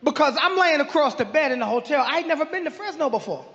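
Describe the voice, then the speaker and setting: A man's voice: very high voice, animated, fast, a bit bright. A man telling his side of a story on stage as a guest, laughing and stumbling through a jokey delivery. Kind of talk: live stand-up storytelling. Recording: dull, echoey live show recording. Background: cheering audience.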